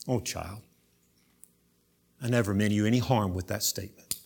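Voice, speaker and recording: Preacher voicing a tender, hushed male savior who pleads gently. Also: on the low side, normal speed, creaky, slightly rough.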